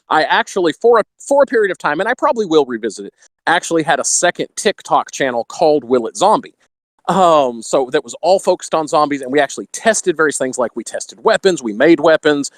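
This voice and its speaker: A chatty man with a Texan accent talks as a podcast guest, his voice sitting a little high for a man. He laughs between thoughts and keeps a slight radio polish on his delivery. The sound is dry and close, with no room around it. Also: no room sound. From Texas. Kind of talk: casual podcast chat.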